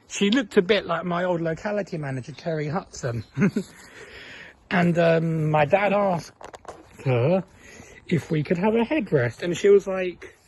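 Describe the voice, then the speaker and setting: A man's voice: on the high side, slightly rough. A young man from England telling a story in a casual vlog, earnest and chatty, acting out the voices of the people he quotes. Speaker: vlogger.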